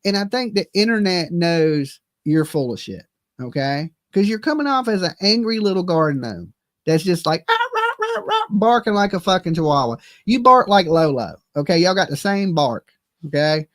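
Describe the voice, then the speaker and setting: Male commentary host, high voice, profane and mocking, dry sound. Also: animated, normal speed, a bit bright, dry recording. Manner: mocking, profane, laughing often. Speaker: commentary streamer. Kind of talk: casual reaction commentary.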